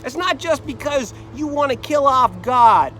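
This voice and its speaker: A man's voice: very high voice, animated, a little slow, a bit bright, slight background noise, heavily acted. A man voicing a scornful male accuser who berates a suffering man in an emphatic, accusing way.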